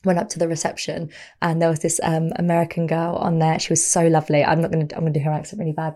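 Young woman guest on a podcast, lowish voice, rambly storyteller who laughs a lot. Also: little pitch movement, mellow. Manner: chatty storyteller, quick laughs, acts out voices in anecdotes. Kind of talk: casual podcast chat.

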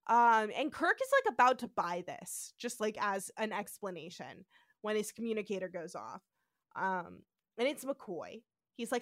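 A woman's voice: medium pitch, lively intonation, unhurried, fairly bright tone, no room sound, clean studio sound. A woman co-hosting a podcast, playfully retelling a TV episode, laughing often and acting out the characters' lines. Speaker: podcast co-host. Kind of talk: casual chat, retelling an episode.

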